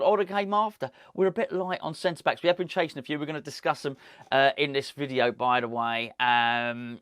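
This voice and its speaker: A man's voice: medium pitch, a bit bright, dry recording, clean studio sound. A man hosting a football fan channel, talking casually to camera with wry, rambling asides.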